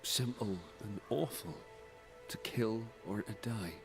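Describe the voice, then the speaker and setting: A stern, grave banisher. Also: male voice, lowish voice, slow, over music. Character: stern grave male banisher, judging a sinner.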